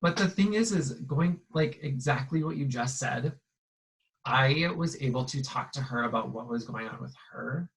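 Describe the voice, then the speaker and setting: A man, a guest, telling a story in a casual chat in a relaxed way. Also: mid-range voice, normal speed, poor audio.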